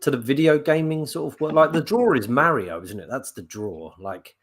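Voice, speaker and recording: A man's voice: mid-range voice, normal speed, a crowd in the background. A man co-hosting a podcast, chatting at home and throwing in wry, teasing asides. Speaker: podcast co-host. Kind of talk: casual podcast chat.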